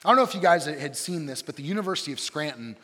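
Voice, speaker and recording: A man in his thirties preaching as a campus pastor, his voice sitting a bit higher than most men's. He tells funny, self-mocking stories with lively, shifting energy. The sound rings out with long reverb, as in a big hall. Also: rapid-fire. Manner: animated, self-deprecating storyteller with shifting energy. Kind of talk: humorous sermon with storytelling.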